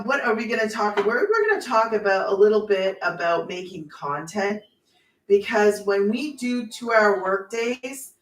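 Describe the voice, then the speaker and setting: A woman's voice: mid-range voice, a bit bright, distant mic. Brief: middle-aged woman, emphatic livestream host who rambles, recorded on a phone held a little away in a roomy space. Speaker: online business host. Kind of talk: casual livestream chat. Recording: roomy sound, off-mic.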